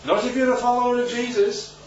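A man's voice: very high-pitched, little pitch movement, fast, slight background noise. A male preacher giving an informal Bible talk, conversational and often checking in with his listeners. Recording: roomy, distant, dull recording.

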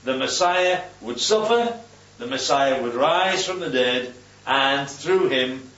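A man's voice: medium pitch, animated, takes it slowly, a bit bright. A man voicing an apostle on trial, earnest and respectful in his own preaching voice. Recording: distant, roomy, dull recording.

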